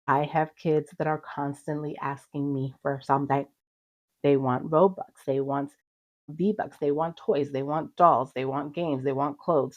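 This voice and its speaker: A middle-aged woman with a low voice hosts a motivational podcast. She talks in a casual, chatty way, full of fillers and asides as she tells personal stories. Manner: chatty, animated storytelling with frequent fillers. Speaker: podcast host.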